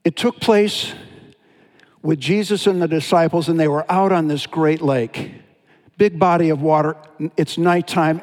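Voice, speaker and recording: Man, pastor, sermon, slightly high voice, animated storytelling, long hall reverb. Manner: storytelling, animated with dramatic retellings.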